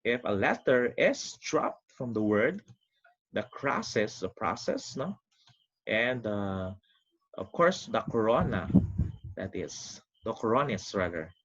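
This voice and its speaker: A man teaching a recorded online lesson, explaining step by step with quick recaps in an animated, sing-song way. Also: on the low side. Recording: dull lo-fi recording.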